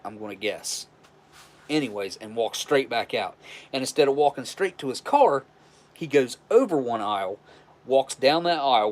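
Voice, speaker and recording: Frank, profane man telling a story. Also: mid-range voice. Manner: frank, profane, rambling with restarts. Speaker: livestream host. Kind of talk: casual live-stream storytelling.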